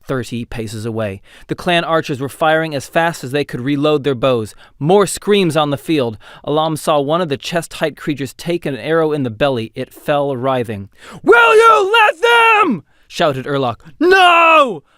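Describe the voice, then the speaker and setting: A man narrating a fantasy audiobook in an expressive, dramatic storytelling style. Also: fairly high pitch, normal speed, hardly any pauses, no echo, studio quality. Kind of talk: scripted narration.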